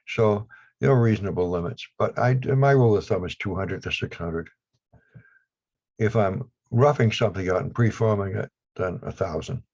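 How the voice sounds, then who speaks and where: A man's voice: low-pitched, gravelly, darkish tone, slightly rough. A man with a Down East Maine accent, a guest on a video call interview, talking in a rambling, blunt way with dry humor. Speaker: guest, lapidary equipment maker. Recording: dull lo-fi video call audio.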